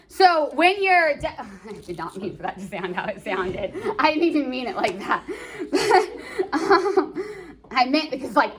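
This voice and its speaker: A woman's voice: high voice, a little hiss or hum. A woman teaching a class, chatty and joking, full of filler words. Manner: chatty, joking, lots of "like" and "you know". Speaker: English teacher. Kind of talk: classroom lesson.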